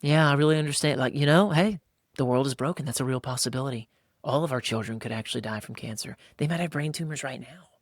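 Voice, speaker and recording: A man hosting a podcast, coaching listeners in a lively, casual way and acting out voices as he talks. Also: medium pitch, fast, no echo, studio quality. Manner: animated, acts out voices. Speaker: podcast host.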